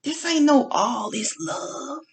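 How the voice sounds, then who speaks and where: Speaking slowly in a high-pitched voice, a woman gives an informal, preachy talk on faith and love as an online speaker. She uses slang, builds emphasis by repeating phrases, and frequently starts her sentences over.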